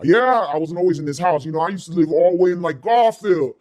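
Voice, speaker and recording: A woman's voice: lowish voice, lively intonation, quick pace, darkish tone, voice pushed down, close to an everyday voice. A woman doing an impression of a boozy, self-pitying middle-aged male neighbor who rambles and repeats himself. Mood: maudlin rambling.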